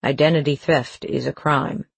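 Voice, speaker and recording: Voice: mid-range voice, steady tone, moderate pace, vocal fry, breathy edge, dry recording. A narrator voicing a firm, matter-of-fact detective in an audiobook. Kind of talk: audiobook character voice.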